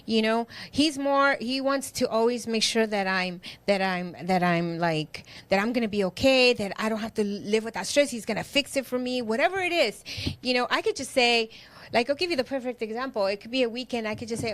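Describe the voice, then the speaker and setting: Expressive higher-voiced woman, dry mic. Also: fairly quick, dry recording. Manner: open and expressive, many fillers like "you know". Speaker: podcast co-host. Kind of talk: casual podcast chat.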